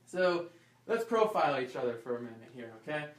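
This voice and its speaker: A man's voice: mid-range voice, brisk. Man teaching a class, echoey and distant. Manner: lively, asks the audience questions and acts out little scenes. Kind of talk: informal health class talk. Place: class room. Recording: echoey room, voice from far off.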